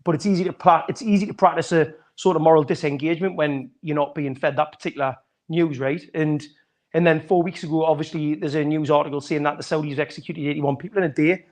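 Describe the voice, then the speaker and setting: A middle-aged man speaking quickly in a slightly raised voice. He thinks out loud in long, rambling sentences and answers openly. He is heard over a video call. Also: on the high side, steady tone. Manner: candid, reflective, talks in long rambling sentences. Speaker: guest from a fan podcast. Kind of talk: podcast interview answer.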